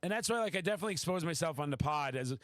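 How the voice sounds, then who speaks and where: A man hosting a podcast, telling a story in casual chat, excitable and swearing freely. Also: fairly high pitch, very fast, no room sound. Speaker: podcast host.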